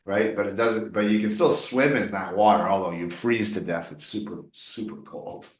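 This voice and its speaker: In a one-on-one English session, a fairly low-voiced man speaks at a moderate pace. He explains words patiently and has the learner practice pronunciation through repetition, and the room has a roomy echo.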